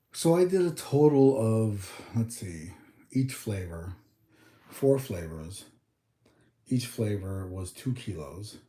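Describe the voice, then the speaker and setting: New dude rambling on his live stream, kinda low, really dark mellow voice. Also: roomy sound. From United States. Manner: rambling, talks to chat, thinks aloud with numbers. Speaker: livestream host. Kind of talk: casual livestream chat.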